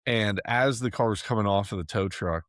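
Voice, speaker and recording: Male podcast host, lowish voice, dry close sound, rambling anecdotes. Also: brisk, no echo. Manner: chatty storyteller, laughs often, many fillers. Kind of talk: casual chat.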